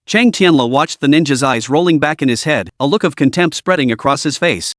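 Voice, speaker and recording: Dry, slightly high male narrator. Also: animated, fairly quick, fairly bright tone, no room sound. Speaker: recap narrator. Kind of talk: scripted comic recap narration.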